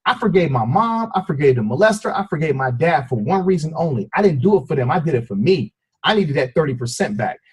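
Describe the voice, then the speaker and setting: A man's voice: a little high, very animated, fast, slightly rough, low-quality recording. A man, a fitness coach and father, telling a team call an emotional story of forgiveness, talking to listeners as y'all in a preacher-like way. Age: adult with a child. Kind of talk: motivational team call talk.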